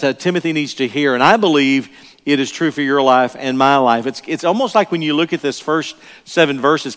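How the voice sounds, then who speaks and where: A man's voice: a little high, a bit bright. Older man preaching in a reverberant church. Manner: earnest, emphatic, repeats key phrases. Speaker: pastor. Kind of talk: sermon. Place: church sanctuary. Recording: long reverb of a large church hall.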